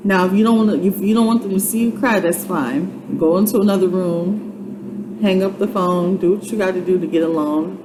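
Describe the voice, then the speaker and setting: A woman's voice: fairly low pitch, fairly even intonation, normal speed, noisy background. A woman in her twenties giving an earnest, faith-based motivational vlog, urging and repeating herself like a preacher. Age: 20s. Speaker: YouTube vlogger.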